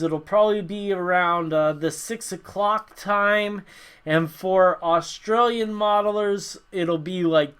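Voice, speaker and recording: A North American man hosts a casual livestream Q&A in a high-pitched, slightly bright voice with a clean tone. He rambles, uses lots of fillers, and chuckles frequently.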